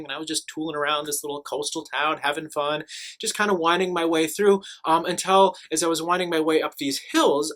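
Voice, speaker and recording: A young man, a teacher, casually telling travel stories to the camera in an animated, chatty way with lots of fillers. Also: fairly high pitch.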